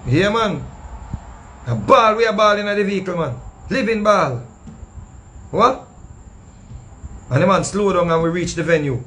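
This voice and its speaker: A man with a Jamaican accent telling a story in casual patois, animated and acting out what others said. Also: high voice, measured pace, pauses often, slight background noise. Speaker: storyteller recounting a past show.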